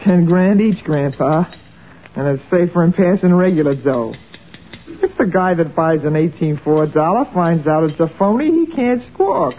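A woman's voice: fairly low pitch, lively intonation, moderate pace, narrow, tinny audio. A bossy gangster girl with a fake drawl. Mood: scheming. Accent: put-on American Southern. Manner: bossy, impatient, mocking. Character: tough young female gang boss putting on a southern drawl. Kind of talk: 1940s radio acting. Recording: scratchy old radio broadcast with faint hiss.

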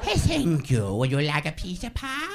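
A man putting on a silly, squeaky sidekick voice that babbles monkey-like noises, on stage before a live audience. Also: huge pitch swings, normal speed, gravelly, background noise, exaggerated voice. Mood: goofy. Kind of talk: stand-up character voice. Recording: live show with crowd laughter. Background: audience laughing.

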